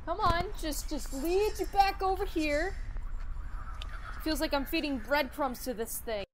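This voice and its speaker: A woman's voice: sits high, unhurried, a little hiss or hum, rough recording. A young adult woman streaming a horror game live, panicking, swearing and repeating herself under stress. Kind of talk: live gameplay reaction.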